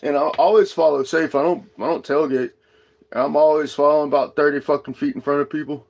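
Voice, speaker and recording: A high-strung man hosts his own livestream, swearing freely as he rants to the chat. His voice sits a little high for a man, and he talks in a loose, casual way. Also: steady tone, fairly quick, gravelly, a little mellow, muffled recording. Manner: profane, ranting, high-strung. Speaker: livestream host.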